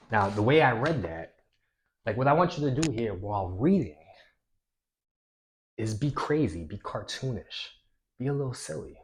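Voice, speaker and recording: A man coaching viewers on social confidence, talking with energy and swinging between a loud voice and a hushed one. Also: mid-range voice, expressive, moderate pace, pauses often. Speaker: self-improvement coach. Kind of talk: instructional talk to camera.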